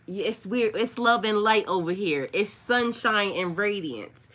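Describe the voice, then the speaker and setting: Slow, bright-voiced woman chatting on a livestream. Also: mid-range voice, lively intonation. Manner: rambling and chatty, with many fillers, talking straight to viewers; mocking and scornful toward trolls. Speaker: spiritual livestream host. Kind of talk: casual livestream chat.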